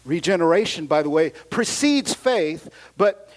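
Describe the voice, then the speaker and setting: A middle-aged male pastor preaching with a fairly high, light voice. He swings between booming passages and hushed asides, with casual slang and frequent hallelujahs. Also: measured pace. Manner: animated preaching, swings from loud to quiet asides. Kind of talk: sermon.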